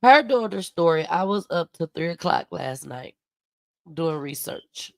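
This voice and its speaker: A woman's fairly low voice, touched with vocal fry, carries lively intonation at an unhurried pace, with no echo. As a livestream host she's overcome with emotion, nearly crying, thanking her viewers and calling them "y'all" and "baby" in casual conversation.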